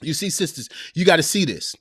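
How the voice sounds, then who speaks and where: Male podcast host with a higher voice, motivational sermon-like talk, no room echo. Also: lively intonation, fairly quick, fairly bright tone, husky, clean studio sound. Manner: preacherly, storytelling, addresses listeners as sisters. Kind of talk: heartfelt motivational monologue.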